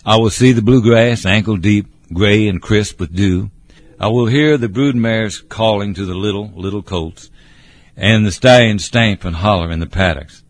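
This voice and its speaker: A man's voice: on the low side, moderate pace, lightly acted. A man voicing an old male cab horse with a gurgling voice, telling his tale politely and addressing the listener as sir. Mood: wistful. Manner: polite, says sir often.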